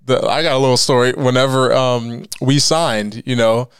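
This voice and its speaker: Smooth-voiced man in casual chat. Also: mid-range voice, steady tone, moderate pace, no echo, clean studio sound.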